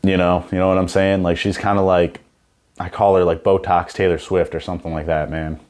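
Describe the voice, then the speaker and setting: Deep-voiced man riffing crudely. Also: little pitch movement, fairly quick, a little mellow. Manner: rambling, profane, full of "you know what I'm saying". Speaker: comedy podcast host. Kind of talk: casual comedic monologue.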